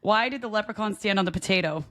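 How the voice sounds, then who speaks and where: A woman's voice: medium pitch, fast talker, fairly bright tone, no echo. A woman co-hosting a podcast in easy banter, cracking puns and giggling at them. Her voice sits mid-range and comes through close and dry, with no room sound around it. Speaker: podcast co-host. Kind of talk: casual chat.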